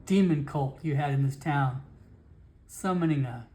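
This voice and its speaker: A narrator voicing a blunt male adventurer who reports grim news flatly. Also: mid-range voice, unhurried, natural voice. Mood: matter-of-fact.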